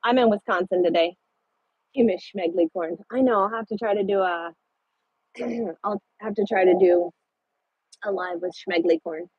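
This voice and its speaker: A woman's voice: mid-range voice, normal speed, pauses often, husky, no echo. A woman truck driver chatting casually with viewers on a live stream from her parked truck at a rest area, swearing now and then. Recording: dull lo-fi sound.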